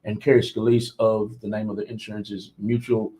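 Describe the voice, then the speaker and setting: A man's voice: fairly low pitch, little pitch movement, fairly quick, mellow, rough recording. Folksy male radio host. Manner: folksy, repeats himself. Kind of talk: casual radio talk.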